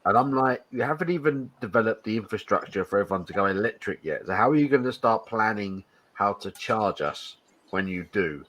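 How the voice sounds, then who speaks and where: Exasperated man, lively pitch. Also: brisk. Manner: exasperated, laughs often. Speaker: live stream co-host. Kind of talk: casual pub chat on a live stream.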